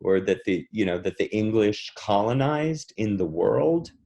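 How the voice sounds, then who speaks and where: A man from the United States, a voice and speech coach, explaining pronunciation in a relaxed interview and demonstrating vowel sounds. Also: fairly low pitch, a little slow, vocal fry. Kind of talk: conversational interview answer.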